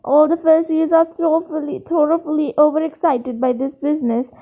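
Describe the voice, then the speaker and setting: A woman voices a stiff, self-important teenage prefect who scolds the younger boys fiercely, in her own high voice. He sounds stern and officious. The sound is dull and lo-fi. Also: fairly even intonation, normal speed, lightly acted.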